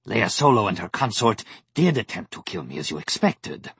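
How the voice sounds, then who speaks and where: A man's voice: fairly low pitch, very animated, normal speed, a bit bright, slightly rough, no echo, full character voice. A man voicing a haughty, scornful male alien agent in an audiobook. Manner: haughty, bristling.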